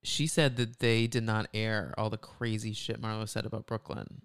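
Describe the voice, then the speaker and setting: A relaxed, opinionated co-host trading reality TV takes, with dry little asides. The voice is smooth and resonant, at a middle pitch, in a dry, close sound. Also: normal speed, dry recording. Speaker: podcast co-host. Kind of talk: casual reality TV recap chat.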